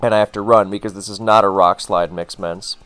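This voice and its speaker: A man's voice: fairly low pitch, steady tone, a little fast, a bit bright, faint music behind. A man casually commenting on his own game, rambling into wry asides with plenty of fillers. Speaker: gaming commentator.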